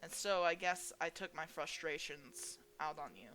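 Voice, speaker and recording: A woman voicing an anxious young female monster who speaks softly and puts herself down, reading a visual novel aloud. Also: low voice, normal speed, soft background music. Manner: soft, self-deprecating.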